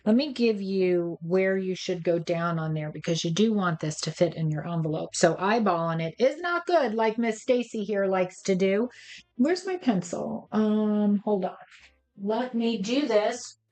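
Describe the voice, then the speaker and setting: A woman's voice: mid-range voice, lively intonation, measured pace, a little mellow. A woman hosting a craft tutorial, chatty and playful as she talks viewers through each step. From United States. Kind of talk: casual step-by-step craft demonstration.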